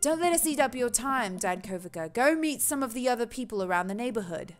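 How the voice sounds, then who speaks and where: A woman's voice: fairly high pitch, animated, brisk, soft background music, pitched above the performer's own voice, natural voice. A woman voicing a formal male teacher and father with a put-on British accent, speaking in a precise, earnest way. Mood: polite.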